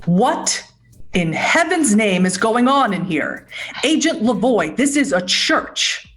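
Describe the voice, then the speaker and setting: A woman voicing a fussy, flustered older male priest who shouts in alarm and frets. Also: medium pitch, measured pace, close to an everyday voice. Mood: indignant. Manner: loud, scandalized, then confused.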